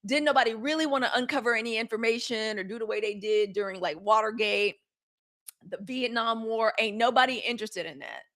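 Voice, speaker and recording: A middle-aged woman hosting a live news commentary show, blunt and animated, swearing and answering viewer comments from the chat. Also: a little high, brisk.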